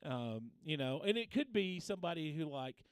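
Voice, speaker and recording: A man's voice: fairly high pitch, big pitch swings, moderate pace, clean tone, no echo. A man hosting a casual guitar livestream, telling long rambling stories with many restarts and reading out viewer names. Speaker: guitar teacher and livestream host.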